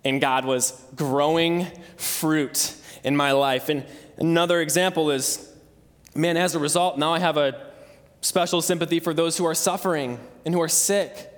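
A man's voice: fairly high pitch, fairly even intonation, normal speed, big-room sound. A young man in his twenties preaching a sermon, earnest and conversational, telling a personal story. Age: 20s. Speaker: pastor.

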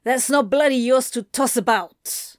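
A woman's voice: mid-range voice, measured pace, no room sound, studio quality, natural voice. A woman voicing a sullen, hot-tempered man who growls and snaps. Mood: snarling. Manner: growling, snappish.

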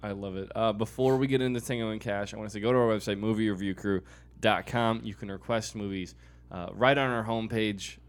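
A man's voice: lowish voice, fairly even intonation, brisk. A man co-hosting a podcast in casual chat, reading out film details and stumbling over names.

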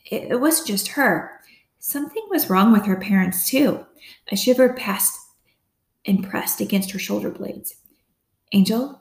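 A woman reading an audiobook as narrator, in a steady, close storytelling manner. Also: medium pitch, gravelly. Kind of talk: scripted narration. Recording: roomy echo.

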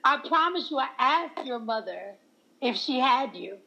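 A woman's voice: high voice, a little slow, gravelly, rough recording. A woman in casual chat, laughing often and acting out quoted lines as she tells stories. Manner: laughs often, animated storytelling.

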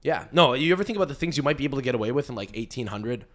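Animated comedian riffing. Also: male voice, medium pitch, very fast. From Canada. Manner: animated riffing with frequent restarts. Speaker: podcast host and comedian. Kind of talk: casual podcast monologue.

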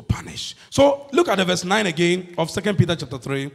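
A man preaching a sermon as pastor, swinging between loud shouts and low murmurs. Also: sing-song, brisk, creaky, hardly any pauses. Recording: long hall reverb.

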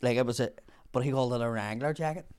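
A man's voice: mid-range voice, quick pace, a little mellow, clean tone. A man telling a long, rambling story, swearing often. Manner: rambling, heavy swearing, laughs through the story. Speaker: guest storyteller. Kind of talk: casual storytelling.

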